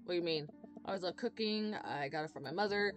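Woman reading a friendly baker guy offering pies, game lines, music clear in the back. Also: on the low side, fast talker, natural voice. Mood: welcoming. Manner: reads the game's dialogue aloud.

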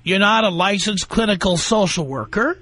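A man's voice: sits high, moderate pace, pushed and bright, slightly rough, faint music behind. A male radio talk show host taking calls, blunt and sarcastic, firing off pointed questions.

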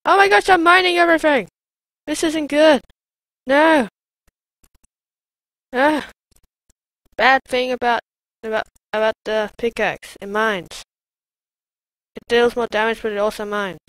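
A woman commenting on her own gameplay in a let's play, excitable and shouting taunts at enemies. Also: on the high side, slow, long pauses, no echo, poor audio. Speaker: gamer.

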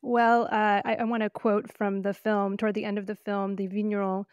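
A woman's voice: medium pitch, flat delivery, moderate pace, clean tone, no room sound. A woman co-hosting a wine podcast, chatting in an opinionated, casual way with frequent fillers and laughs. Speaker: podcast co-host. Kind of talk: casual chat. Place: living in Oregon.

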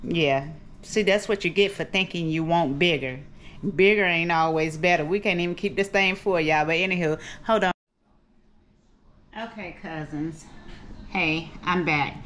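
A woman's voice: fairly low pitch, measured pace, a bit bright. A middle-aged woman vlogging in her kitchen at home, rambling and chatty, calling her viewers cousins. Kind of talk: casual chat to camera.

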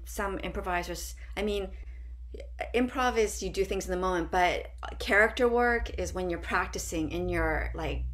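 A woman's voice: on the low side, slight background noise. A woman improviser speaking on a panel, reflective and searching for words as she talks. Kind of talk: panel discussion.

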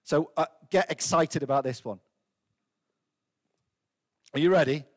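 A light, high-voiced man giving a children's talk in church. He keeps it playful, firing questions at the young ones and teasing out their answers. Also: measured pace. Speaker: priest leading a family service.

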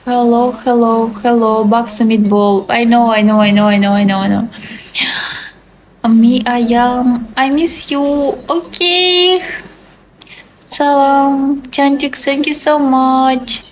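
A woman's voice: on the high side, little pitch movement, unhurried, darkish tone, poor audio. Young Belarusian woman chatting on a livestream. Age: 20s. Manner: cheerful, repeats greetings, broken English with Indonesian words. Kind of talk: casual live-stream chat reading comments.

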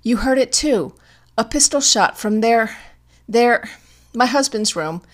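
A woman reading an audiobook, voicing a terrified young mother who pleads in high, loud, stammering bursts. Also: measured pace. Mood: frantic pleading. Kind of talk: audiobook character voice.

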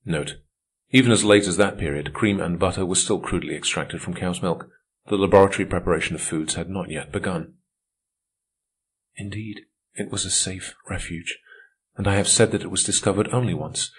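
A man reading an audiobook as narrator, in a measured, steady way. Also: low voice, husky. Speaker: audiobook reader. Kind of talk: scripted narration.

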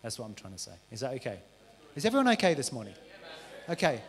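A man's voice: medium pitch, quick pace, husky. A man delivers a sermon in a church, telling stories and acting out the people he quotes. His voice sits in a middle register. The sound carries a long hall reverb from the church room. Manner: lively storytelling, animated quoted voices. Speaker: visiting preacher. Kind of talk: sermon with testimony. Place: church auditorium.

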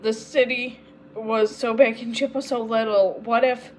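Woman reader, children's book, slightly high voice, faint hum behind. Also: measured pace, poor audio. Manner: steady reading with small slips and self-corrections. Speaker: storyteller. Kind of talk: reading a children's chapter book aloud.

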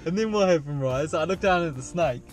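A man's voice: fairly high pitch, fast, faint music behind. A young man telling a rambling, profane dream story to a friend in casual chat. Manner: rambling, profane, animated retelling full of "like".

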